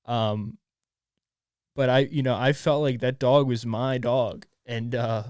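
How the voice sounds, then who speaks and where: A young man in his twenties hosting a solo podcast, talking in a halting, emotional way with many restarts and swearing, choked up and near tears. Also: medium pitch, fairly even intonation, darkish tone, clear, resonant tone, dry recording, clean studio sound. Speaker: podcast host. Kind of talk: casual solo podcast monologue.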